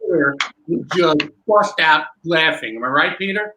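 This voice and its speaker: A man, a magician, telling animated stories in conversation and building suspense as he goes. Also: a little high, normal speed, slight background noise, poor audio. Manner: lively, building suspense with self-interruptions. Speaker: magician recalling a fellow performer.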